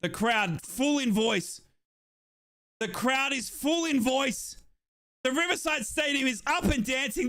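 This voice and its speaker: A young man from Australia giving excited, breathless live commentary on a football match as a fan streamer, shouting and chanting along. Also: very high-pitched, slow.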